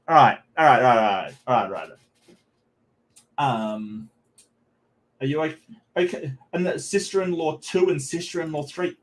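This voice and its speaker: A man talks through a live stream at a middle pitch. He reads posts aloud, greets his chat, and rambles with plenty of ums and restarts. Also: sing-song, normal speed. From Australia. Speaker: streamer reading and discussing posts. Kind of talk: casual live-stream commentary.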